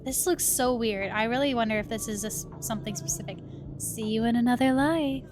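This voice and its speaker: A young woman streams a game, chatting casually and reading its text aloud with amusement in this let's-play commentary. Her voice is a little high and her pace brisk. Faint lo-fi music plays behind her.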